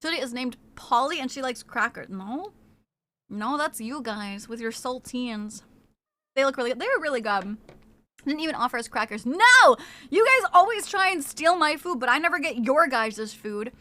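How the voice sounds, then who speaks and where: A young woman streaming from home, chatting casually with viewers in a bubbly, excited way while snacking on crackers. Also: on the high side, normal speed.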